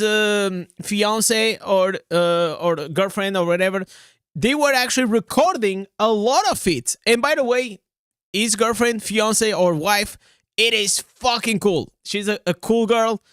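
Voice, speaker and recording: A man's voice: high-pitched, measured pace, a bit bright, clean tone, no room sound, studio quality. A man streaming games live and reacting to a trailer, hyped and rambling, with lots of slang and filler words. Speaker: game streamer.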